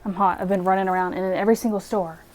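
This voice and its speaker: A woman's voice: medium pitch, fairly even intonation, rapid-fire, a little mellow. Rambling young woman with a Southern accent. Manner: rambling, self-deprecating, restarts sentences. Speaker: vlogger. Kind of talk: casual chatty vlog narration.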